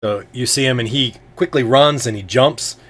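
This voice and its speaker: A man's voice: medium pitch, normal speed, a bit bright, breathy edge. A man narrating a tabletop game as game master, in a loose, hesitant way full of ums and filler words.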